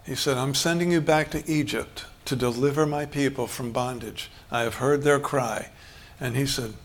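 Here a male pastor preaches conversationally at a moderate pace, his mid-range voice carrying fairly even intonation. Along the way he performs brief snippets of dialogue, chuckling as he talks.

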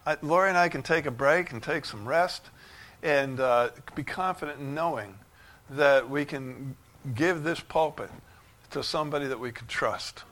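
Male pastor, fervent sermon delivery, bright forward tone, dynamic swings from hush to shouts. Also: normal speed. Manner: fervent, rising to shouts of joy then dropping low. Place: church sanctuary.

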